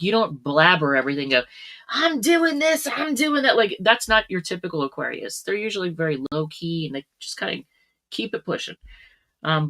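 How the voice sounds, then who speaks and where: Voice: medium pitch, a bit bright. A tarot reader giving a casual reading to camera, chatty, with frequent laughs and plenty of fillers.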